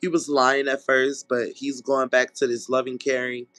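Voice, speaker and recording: A man with a smooth, mid-range voice gives a casual tarot reading, recorded with no echo. He's blunt and profane, animated, and acts out what people might say in quick voices, checking in with "okay?".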